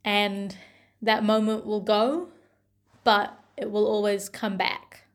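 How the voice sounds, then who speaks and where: A young woman talking gently and tenderly to her younger self, with pauses and soft laughs. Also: medium pitch, flat delivery. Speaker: vlogger.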